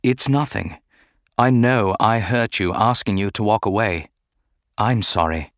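A man voicing a calm, measured middle-aged Jedi knight who speaks gently and formally. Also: lowish voice, no echo, studio quality. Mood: gentle.

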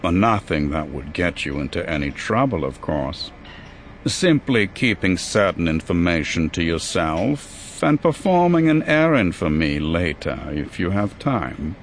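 Narrator doing a smooth, low-voiced, scheming banking official; measured and formal. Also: male voice, sing-song, a little hiss or hum. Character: smooth scheming male banker, inspector.

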